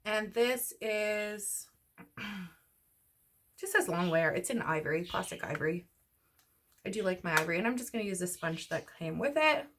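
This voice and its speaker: A woman's voice: medium pitch, animated, unhurried, long pauses, fairly bright tone, slight background noise. A woman chatting casually as she does her makeup, rambling and a little out of breath. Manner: chatty, rambling, talks while doing makeup. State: slightly out of breath. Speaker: beauty vlogger. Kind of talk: casual get-ready-with-me chat.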